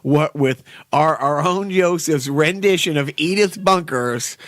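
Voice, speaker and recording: A man hosting a podcast, telling jokes and chatting in a rambling, halting way. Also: fairly high pitch, fairly bright tone, no echo. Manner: rambling, lots of fillers and restarts. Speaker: podcast host. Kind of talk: casual chat.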